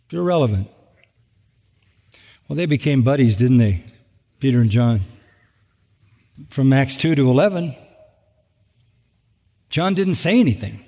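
A middle-aged man preaching a sermon, animated, with sarcastic asides and acted-out quotes. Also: medium pitch, measured pace, pauses often. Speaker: pastor. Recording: long hall reverb.

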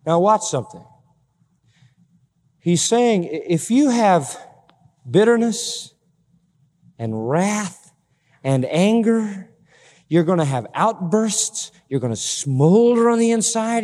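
A man preaching an expository sermon, emphatic, swinging between loud high bursts and low quiet asides. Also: very animated, slow, long pauses, in a large hall.

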